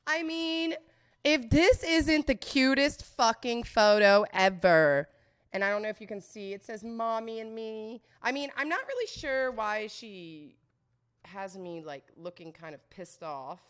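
A woman's voice: mid-range voice, lively intonation, a little slow, clean tone. A woman hosting a comedy show, rambling through a casual, profane, joking monologue. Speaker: host of a comedy show about sex.

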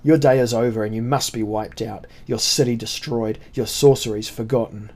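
A man puts on a barbarian ship captain for a storybook reading, loud and defiant, his voice pushed a little above the reader's own. The captain is scared but fierce, hurling accusations at his enemy. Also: medium pitch, fairly even intonation, normal speed, close to an everyday voice. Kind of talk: audiobook character voice.

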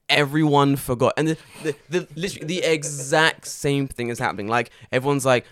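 A man's voice: mid-range voice, moderate pace, a bit bright, clear, resonant tone, no room sound. A man co-hosting a casual podcast, jokey and sweary, speaking into a podcast microphone. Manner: jokey, swears, slips into mocking impressions. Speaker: podcast co-host.

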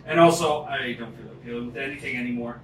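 A man's voice: mid-range voice, fast talker, a bit bright. A man hosting a podcast, telling stories casually with a lot of laughing and swearing. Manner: laughing often, swearing storyteller. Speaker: podcast host. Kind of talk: casual chat. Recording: echoey room, faint noise, far mic.

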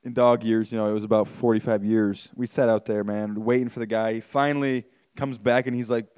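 Smooth-voiced man telling a story casually. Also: on the low side, a little fast, few pauses. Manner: animated, swearing, lots of "like" and "man". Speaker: podcast host.

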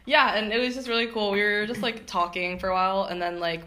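A woman's voice: medium pitch, steady tone, fast talker, pushed and bright. Giggly young woman telling a story. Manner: laughing storyteller, many "like" and "um" fillers. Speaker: podcast co-host. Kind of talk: casual chat.

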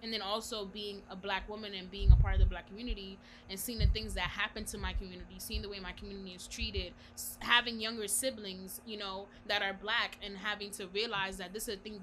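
A young woman with a naturally high-pitched voice co-hosting a podcast in casual chat, animated, with frequent laughs and fillers. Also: quick pace, few pauses, noisy background. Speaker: podcast co-host.

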